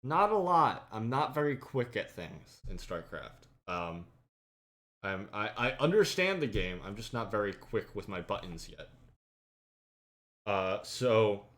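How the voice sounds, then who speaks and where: A man hosting a casual podcast and telling a gaming story with animated, acted-out quotes. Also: fairly low pitch, measured pace. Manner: animated, acts out friends' lines loudly, laughs. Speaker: podcast host and streamer.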